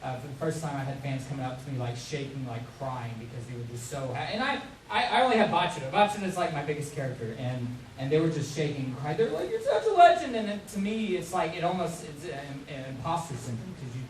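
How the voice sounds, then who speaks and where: A man voice actor on a convention panel, talking excitedly with many stammered restarts. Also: a little high, fast, hardly any pauses. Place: large convention hall, far from mic. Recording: echoey hall from far off.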